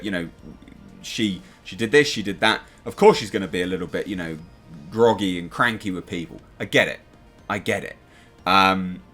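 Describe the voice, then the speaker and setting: A man's voice: on the low side, fairly bright tone. An English man hosting a TV review channel, talking casually and animatedly, swearing now and then and making sound effects. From England.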